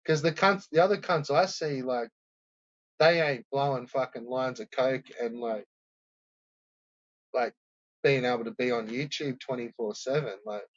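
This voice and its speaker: A man's voice: medium pitch, unhurried, pauses often, no echo, lo-fi sound. A man rambling through a profane, casual commentary, laughing often.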